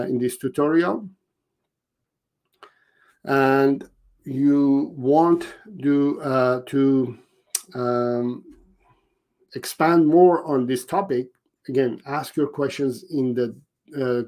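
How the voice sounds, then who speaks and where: A man's voice: mid-range voice, a little mellow. A man who trains dogs, giving a casual live tutorial in a loose, conversational way with many fillers and restarts. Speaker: dog trainer.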